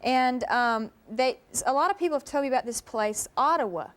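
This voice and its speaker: Brief: young Southern woman, high voice, chatty storyteller who laughs a lot. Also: moderate pace, a bit bright. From Mississippi, US. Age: 20s. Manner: chatty, laughs often, tells stories. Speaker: guest singer. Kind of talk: casual interview chat.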